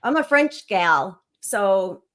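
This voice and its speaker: A woman's voice: medium pitch, sing-song, slow pace, fairly bright tone. A middle-aged woman chatting as a guest on a livestream, rambling casually with laughs and fillers.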